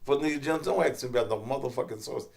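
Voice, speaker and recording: A man's voice: mid-range voice, rapid-fire, creaky, a little mellow. A man with a Memphis Southern accent hosting his own show, talking brashly and profanely in unscripted commentary. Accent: Memphis Southern American. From North Memphis, USA.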